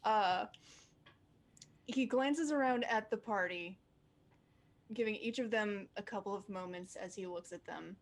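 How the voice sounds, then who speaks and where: A woman's voice: medium pitch, measured pace, long pauses. A woman playing a tabletop game on a livestream, describing her character casually with laughing asides. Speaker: player.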